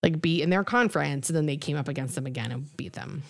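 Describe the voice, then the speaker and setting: A woman's voice: low voice, fast talker, creaky. A young woman co-hosting a casual podcast, telling stories in a chatty way with lots of fillers. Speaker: podcast co-host. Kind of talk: casual chat.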